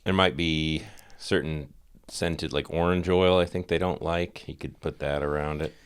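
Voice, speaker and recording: A man co-hosting a podcast, offering soft offhand suggestions in casual chat from across the room. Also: a bass voice, fairly even intonation, measured pace, smooth.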